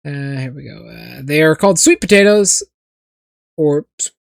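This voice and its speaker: A streamer reacting to a game on a livestream, swinging from low mumbles into profane, mock-furious shouting rants. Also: lively intonation, moderate pace, gravelly, no room sound.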